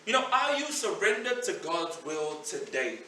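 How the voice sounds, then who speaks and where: A man's voice: high-pitched, sing-song, normal speed, pushed and bright, slight background noise. A male pastor preaching a sermon in a conversational way, often saying "you know" as he tells a story to his church. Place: church hall. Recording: roomy sound from a distance.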